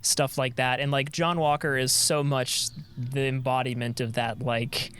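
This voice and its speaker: A man's voice: mid-range voice, unhurried, a little hiss or hum. A man co-hosting a podcast, talking casually and rambling with lots of fillers and restarts. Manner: rambling, many likes and restarts, animated. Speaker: podcast co-host. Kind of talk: casual chat.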